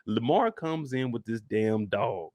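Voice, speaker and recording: Animated man ranting about a TV episode. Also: medium pitch, measured pace, dry recording, clean studio sound. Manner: animated, profane, laughing often. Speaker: show reaction host. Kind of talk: comedic TV episode reaction rant.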